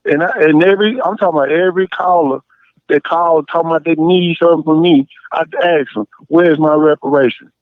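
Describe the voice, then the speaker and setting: A man calling into a podcast, telling stories in an animated, emphatic way. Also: a little high, quick pace, dry recording. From Champaign, Illinois area. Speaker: caller. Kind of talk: casual call-in chat. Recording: tinny dry phone line.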